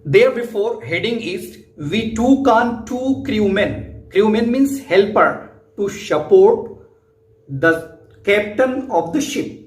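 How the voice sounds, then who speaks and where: A man with an Indian English accent, teaching an English lesson slowly and patiently, repeating points for his students. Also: high-pitched, expressive. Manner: slow, repetitive explaining, addresses students directly. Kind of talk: classroom lecture explaining a text. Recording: roomy echo.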